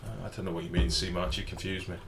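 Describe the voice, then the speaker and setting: Low-voiced man streaming a game. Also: flat delivery, fast, vocal fry. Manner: chatty, talks to chat viewers, swears casually. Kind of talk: casual live-stream commentary. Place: home room with the window open. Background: faint outdoor street noise.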